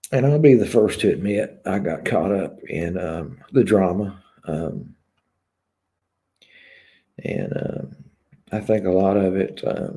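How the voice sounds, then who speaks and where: Slow, gravelly low-voiced man. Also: dark tone. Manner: hesitant, many pauses and filler words; candid and confessional. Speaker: YouTube channel host. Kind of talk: live stream chat, reading viewer comments.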